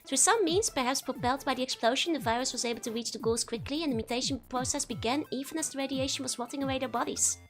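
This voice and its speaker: With soft music in the background, a woman streamer reads game text aloud on a casual livestream. Her voice is high-pitched and fairly bright, and she talks quickly with hardly any pauses, giggling, chatting, and laughing often between lines.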